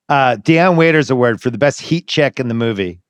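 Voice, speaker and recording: A middle-aged man hosts a podcast in an easy, conversational tone. He keeps things moving with quick prompts and category introductions, and his voice sounds close and dry with no room around it. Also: mid-range voice, animated, clear, resonant tone, dry recording. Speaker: podcast host.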